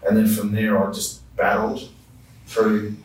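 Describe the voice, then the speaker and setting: A man's voice: on the low side, completely flat delivery, a little slow. A man earnestly telling his personal faith testimony as an interview guest, heartfelt and conversational. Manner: earnest, heartfelt storytelling with restarts. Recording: roomy echo, distant mic.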